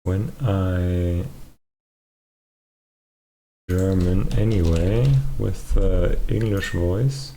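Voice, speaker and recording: Slow, gravelly-voiced man thinking aloud. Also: deep voice, mellow, a little hiss or hum, poor audio. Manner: thinking aloud, muttering hmms, blunt swearing. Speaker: streamer and game developer. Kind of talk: casual livestream commentary.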